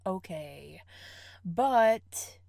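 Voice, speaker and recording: A woman's voice: mid-range voice, animated, extremely slow, creaky, darkish tone, dry recording, clean studio sound, heavily acted. A young woman in an audio role-play, playing a bossy partner who teases, scolds and laughs often. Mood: soothing.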